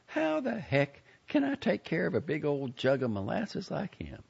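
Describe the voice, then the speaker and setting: A man's voice: on the high side, wildly swooping pitch, moderate pace, creaky, slightly rough, dull audio, pitched above the performer's own voice, exaggerated voice. A man voicing a teasing, wry seventeen-year-old girl. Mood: defiant.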